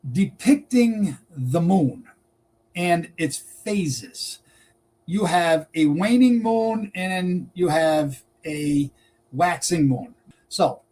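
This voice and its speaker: A man presenting on Northern Pagan lore, talking slowly and deliberately and spelling out words as he explains. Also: high voice, darkish tone, rough recording. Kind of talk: explanatory talk to camera.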